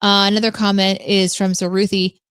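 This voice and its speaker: A woman co-hosting a live-streamed podcast, reading out viewer comments and musing on them in a relaxed, thoughtful way. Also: medium pitch, a little fast, smooth, no room sound, studio quality. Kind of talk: casual live-stream chat.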